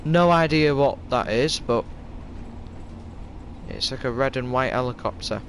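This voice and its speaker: A man's voice: mid-range voice, measured pace, a little hiss or hum, poor audio. A young man with a Yorkshire accent chatting casually on a game live stream, rambling through stories in a stop-start way.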